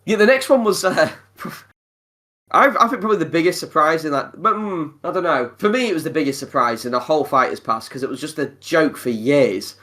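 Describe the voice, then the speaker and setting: A man's voice: a little high, animated, a little fast, sharp tone. A man hosting a casual podcast chat, talking in a loose, sweary way with lots of fillers and restarts. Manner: chatty, swears a lot, many fillers and restarts. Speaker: podcast host.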